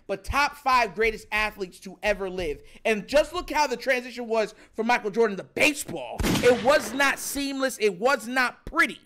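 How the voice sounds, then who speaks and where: A man's voice: high-pitched, bright, forceful tone. A man in casual sports talk, speaking emphatically in slang, laughing often and often asking "you know what I'm saying.".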